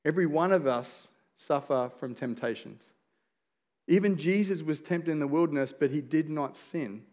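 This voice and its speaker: A man in his forties, a pastor, preaches an earnest, story-driven sermon and eases softly into prayer. His voice is on the high side, at a moderate pace.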